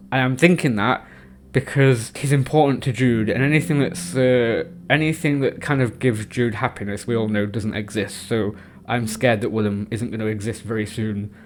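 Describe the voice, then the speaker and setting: A young man vlogging casually about a book, rambling and emotional, with nervous laughs. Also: mid-range voice. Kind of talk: casual reading vlog.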